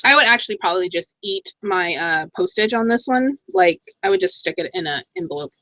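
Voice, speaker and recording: A middle-aged woman chatting casually in a thrift haul vlog, excitable and talking to herself as she goes through her finds. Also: medium pitch, brisk, vocal fry, no room sound, low-quality recording. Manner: chatty, excitable, talks to herself while browsing items. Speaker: thrift reseller vlogger.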